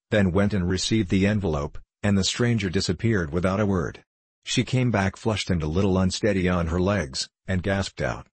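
A man narrating an audiobook in a steady, measured reading style. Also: low-pitched, slightly rough, dry recording.

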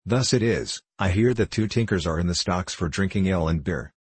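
A witty, jovial young outlaw full of teasing jests, as a man reads him aloud. His archaic lines come in a deep, slightly husky voice. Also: fairly quick, no room sound. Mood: jesting.

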